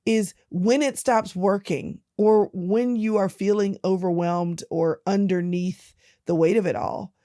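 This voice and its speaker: A woman hosting an interview, talking in quick encouraging bursts as she sets up a question. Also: mid-range voice, steady tone, warm tone, dry recording, studio quality. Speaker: host. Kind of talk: casual interview chat.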